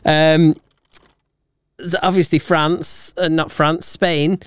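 Slow, smooth-voiced man. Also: on the high side, no echo, studio quality. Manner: giggly, easygoing, reads items out. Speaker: podcast co-host. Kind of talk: casual chat.

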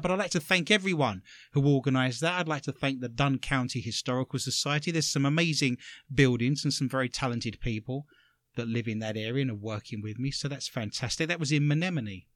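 A man with an English accent hosting a comedic radio show, telling stories with sarcastic, animated delivery. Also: medium pitch, quick pace, no room sound. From England. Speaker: radio host.

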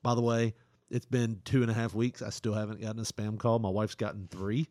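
A man's voice: fairly low pitch, level tone, fairly quick, a little mellow, dry recording, studio quality. Laughing podcast co-host, a man. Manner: laughs often, jokey, crude humor. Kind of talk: casual comedy podcast banter.

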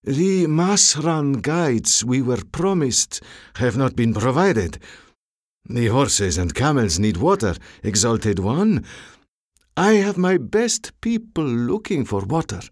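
A man's voice: low-pitched, huge pitch swings, takes it slowly, slightly rough, no echo, clean studio sound, exaggerated voice. A man playing a wary, careful soldier commander. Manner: careful, deferential. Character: wary soldier commander serving cruel masters. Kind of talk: audiobook character voice.

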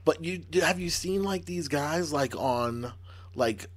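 A man with a congested voice chatting casually as a podcast co-host, telling animated stories and doing playful mock quotes. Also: on the high side, measured pace. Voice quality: accent slipping into a Boston sound. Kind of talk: casual chat.

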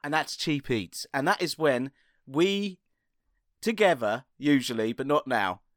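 A man co-hosting a casual comedy podcast, giggly and quick to put on silly voices and sound effects. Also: medium pitch, animated, a bit bright, dry recording, studio quality. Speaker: podcast co-host.

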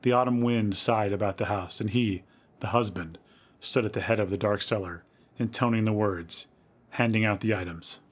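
A man with a fairly low voice gives a dramatic, measured reading of a spooky tale. As podcast host he leans into the eerie moments, pacing his storytelling for suspense.

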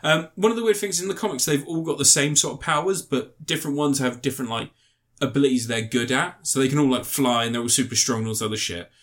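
A man's voice: mid-range voice, quick pace, few pauses, fairly bright tone. Rambling, sweary man. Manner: rambling, swears freely, mocking impressions. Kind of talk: casual film chat.

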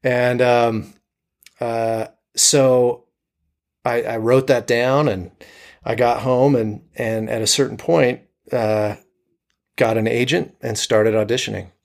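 A man's voice: medium pitch, steady tone, slow pace, creaky. A man from Utah, a comedian and actor, chatting as an interview guest with frequent hesitant restarts. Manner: hesitant, many restarts and fillers. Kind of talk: casual interview chat.

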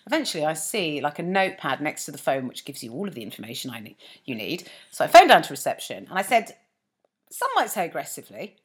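A woman's voice: low voice, big pitch swings, fast talker, slightly rough. A woman co-hosting a casual chat, telling a self-mocking story and acting out both sides of the conversations. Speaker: podcast co-host and comedian.

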